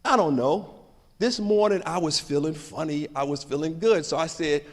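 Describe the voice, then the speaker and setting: A man giving a motivational speech at a conference, telling stories in a dramatic, animated way. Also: a little high, moderate pace. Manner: dramatic, animated storytelling with swings in loudness. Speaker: conference keynote speaker. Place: large conference hall. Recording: long hall reverb.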